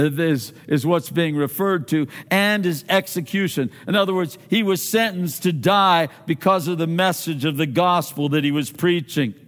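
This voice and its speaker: A man preaching a sermon as pastor, animated, acting out quoted voices with big swings in pitch. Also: long reverb tail.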